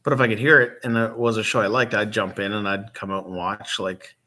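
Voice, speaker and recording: A middle-aged man from Michigan, a grieving father hosting a vlog, talks off the cuff with many pauses and ums, his voice catching as he nears tears. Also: fairly low pitch, little pitch movement, sharp tone, a little hiss or hum. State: emotional, near tears. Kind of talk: unscripted casual talk to camera.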